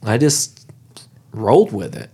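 A man's voice: fairly low pitch, unhurried, slightly rough. A man co-hosting a casual chat, telling stories and acting out the people in them. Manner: storytelling, animated with quoted voices. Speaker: co-host.

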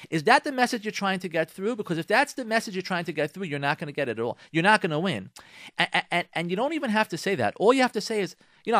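A rabbi giving marriage advice on the radio, animated and acting out spouses in mock voices. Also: male voice, high voice, fast talker, no room sound, clean studio sound. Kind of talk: radio talk, advice monologue.

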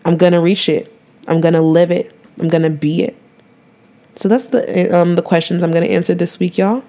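Chatty woman podcast host, low voice. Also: moderate pace. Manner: chatty, earnest, slangy, with animated bursts. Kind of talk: casual faith podcast chat.

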